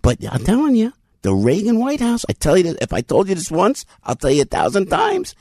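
A man, hosting morning talk radio in an animated, rambling storytelling way. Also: sits high, brisk, dry recording, studio quality. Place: radio studio.

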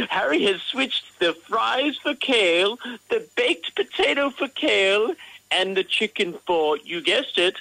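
A woman voicing a pompous male foreign correspondent in a comedy radio sketch, gossipy and quick to scold. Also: on the high side, animated, creaky, a bit bright, no echo, full character voice, low-quality recording.

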